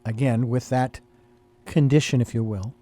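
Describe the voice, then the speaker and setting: Measured, reflective male host. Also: medium pitch, steady tone, warm tone. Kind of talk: interview conversation.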